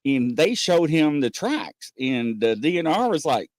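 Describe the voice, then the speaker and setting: Rambling animated man spinning stories. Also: on the high side, dry recording, clean studio sound. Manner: rambling storyteller, many "uh" pauses, acts out quotes. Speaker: podcast host. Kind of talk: casual chat.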